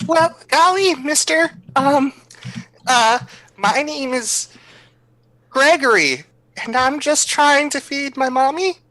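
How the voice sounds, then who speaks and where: Player voices a fake-innocent gnome child, high, bright, stammering. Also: expressive, takes it slowly, full character voice. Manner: gee-whiz, stammering.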